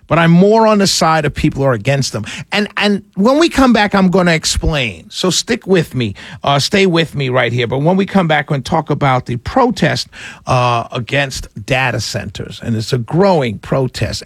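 A man's voice: on the high side, sing-song, moderate pace, gravelly, slightly rough, no echo, clean studio sound. A man hosting a talk radio show, chatting with callers and rambling animatedly between topics.

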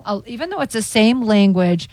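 A middle-aged woman from England, a jewelry store owner chatting on a talk show, animated and persuasive. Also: normal speed, dry recording. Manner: animated, persuasive, sales pitch. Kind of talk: casual chat.

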